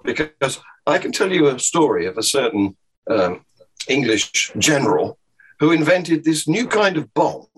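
A man's voice: on the high side, sing-song, unhurried, husky, low-quality recording. A man from the UK, a panel guest, telling a story with hesitant restarts. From United Kingdom. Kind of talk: casual panel chat.

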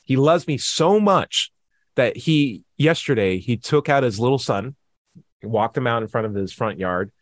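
A man's voice: mid-range voice, animated, measured pace, no echo. A man in casual podcast chat, arguing with sarcasm and acting out quoted people in mocking voices.

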